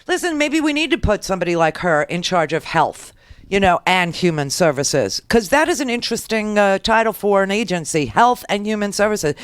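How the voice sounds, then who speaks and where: A middle-aged woman with a New York accent hosts political talk radio, riffing sarcastically and breaking into quick laughs. Her voice is smooth and crisp. The sound is dry and close. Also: mid-range voice, big pitch swings, no echo. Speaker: radio talk show host. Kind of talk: political commentary.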